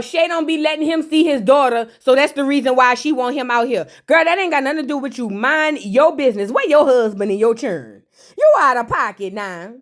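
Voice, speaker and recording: A woman with a high, bright-pitched voice and a drawl, talking through a reality show episode like she's chatting with friends. She is sassy and slangy and keeps throwing teasing asides at the viewers. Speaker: reality TV recap host. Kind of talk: casual recap with commentary.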